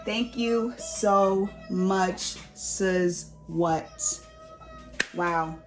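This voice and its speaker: A woman's voice: mid-range voice, drawn-out words, over music. A woman gushing through a gift unboxing at home, exclaiming and repeating herself. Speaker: vlogger. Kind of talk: unboxing vlog.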